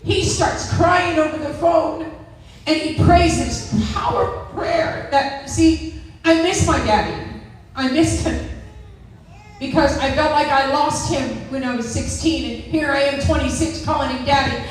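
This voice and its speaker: A woman in her sixties stands up in church to tell her testimony, emphatic and dramatic, acting out every voice in the story. Her voice sits high. She is picked up from a distance in a very echoey hall, with a faint hiss under it. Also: steady tone, unhurried. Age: 60s. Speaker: testimony speaker. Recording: echoey room, distant mic, faint noise.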